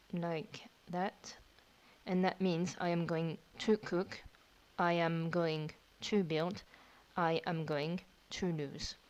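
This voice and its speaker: Slow, patient woman teaching grammar. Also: fairly low pitch, a little mellow, rough recording. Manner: patient step-by-step explaining. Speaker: French teacher. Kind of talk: recorded grammar lesson.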